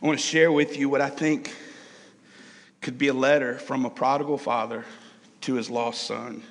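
A man preaching in a large hall, his words trailing into a long reverb. He speaks earnestly, swelling with emotion and then dropping soft, and leans on repeated phrases. His voice sits at an ordinary mid pitch. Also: steady tone, moderate pace, creaky, pauses often. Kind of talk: sermon.

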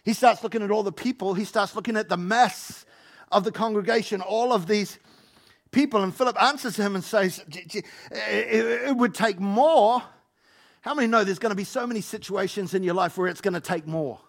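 A man preaching a sermon as pastor, animated, acting out Bible figures and joking with the congregation. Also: high voice, brisk. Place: church hall.

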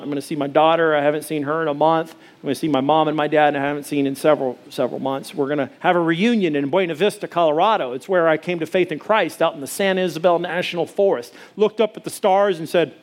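A man in his forties from Arkansas, preaching a sermon in a folksy, conversational storytelling way. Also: fairly high pitch. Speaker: pastor.

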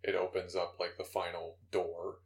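Low-voiced young man, laid-back chat. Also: monotone, normal speed. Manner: laid-back, swears, mimics lines. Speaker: podcast co-host. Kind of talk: casual chat.

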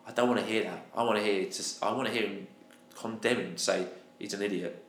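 A man with a fairly low voice talks through a football match for a fan podcast, getting exasperated as he airs his opinions. His voice bounces around a roomy space with a noticeable echo. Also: steady tone, fast talker, a bit bright, slight background noise. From England. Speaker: podcast co-host. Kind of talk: casual match review chat.

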